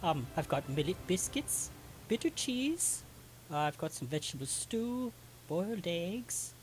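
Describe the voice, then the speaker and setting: A woman's voice: on the low side, sing-song, a little slow, a little hiss or hum, pitched above the performer's own voice. A game master voicing a nervous, apologetic woman innkeeper who has an accent and stumbles over her words. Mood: eager. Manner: flustered, self-deprecating, stumbling over words. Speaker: tavern keeper.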